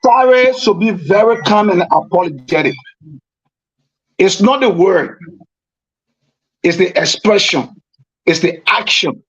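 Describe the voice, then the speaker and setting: A man's voice: high voice, animated, a little slow, pauses often, fairly bright tone, slightly rough. A man, a pastor, calling in by phone and explaining his advice in a preacherly manner. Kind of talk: radio call-in discussion. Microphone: phone call. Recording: dull lo-fi phone line.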